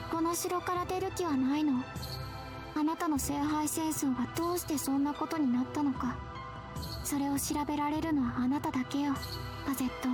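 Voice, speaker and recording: An actress as a high, quick, aloof castle girl. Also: lightly acted. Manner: cool, composed and a little teasing.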